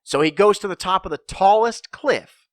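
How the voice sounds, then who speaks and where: A man hosting a motivational podcast, telling a parable in an animated way and acting out the characters. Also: sits high, normal speed, no echo, studio quality. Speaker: podcast host and speaker. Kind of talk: storytelling motivational talk.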